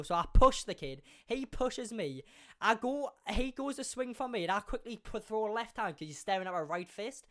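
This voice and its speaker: A young man, hosting a podcast and telling a school story in a casual, animated way, full of swearing and acted-out quotes. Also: sits high, brisk. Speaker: podcast host.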